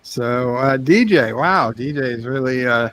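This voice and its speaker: Slow-talking male game streamer. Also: mid-range voice, expressive, fairly bright tone, dry recording. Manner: chatty, reads viewer messages aloud. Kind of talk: casual live-stream chat.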